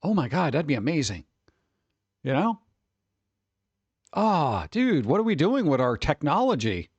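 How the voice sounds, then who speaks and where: A man's voice: fairly high pitch, sing-song, unhurried, husky, no echo, highs cut off. A tired man chatting casually on a livestream, rambling and sarcastic, reading chat messages aloud.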